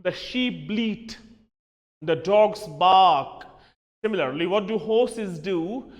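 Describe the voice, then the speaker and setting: High-voiced teacher, echoey. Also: male voice, takes it slowly. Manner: emphatic, spells words letter by letter; switches into Hindi asides. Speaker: English teacher. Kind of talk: classroom lesson.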